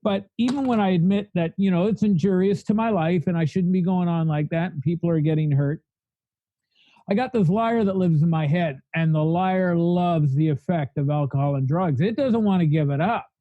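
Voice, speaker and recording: A man sharing his recovery story in a blunt, energetic way, rattling off long lists. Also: sits high, normal speed, dry recording, narrow, tinny audio. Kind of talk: candid conversational testimony.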